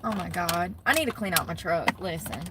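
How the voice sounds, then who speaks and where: A woman's voice: lowish voice, expressive, a little fast, very noisy. A woman live-streaming from her parked truck on her phone. She chats casually with her viewers, laughs often and greets them by name.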